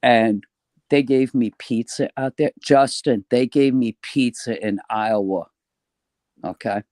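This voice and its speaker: A man's voice: mid-range voice, slow pace, darkish tone, no room sound. An older man from New York, a retired guest telling stories in a casual, chatty way and swearing now and then. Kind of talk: casual chat.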